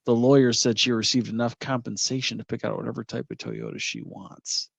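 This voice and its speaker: A male podcast co-host retelling an odd news story in a relaxed, amused manner. He is recorded close and dry, with no room sound, and his voice sits at an average pitch. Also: a little fast, vocal fry, slightly rough, dry recording. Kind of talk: casual podcast chat, reading a news story.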